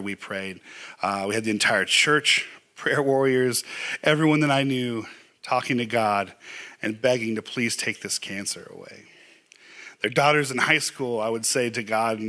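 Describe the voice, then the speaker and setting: A man's voice: medium pitch, bright, forceful tone. A middle-aged man preaching a sermon in a church, earnest and conversational, at times pleading. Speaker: pastor. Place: church sanctuary.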